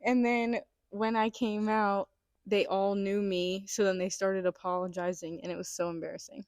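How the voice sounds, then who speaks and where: A woman's voice: mid-range voice, little pitch movement, moderate pace, darkish tone, no room sound. A young woman co-hosting a casual chat, reading listener stories aloud in a giggly, filler-heavy way. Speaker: podcast co-host.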